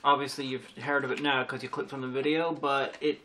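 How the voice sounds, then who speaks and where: Bright-voiced Northern Irish man. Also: mid-range voice, little pitch movement, brisk. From Northern Ireland. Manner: chatty, wry, rambling asides. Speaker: co-host. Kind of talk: casual film review chat.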